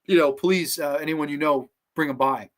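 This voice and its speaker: A cheerful woman collecting dolls for charity, as a man puts her on. She talks in a relaxed, friendly way in an everyday voice. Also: a little high, normal speed, natural voice.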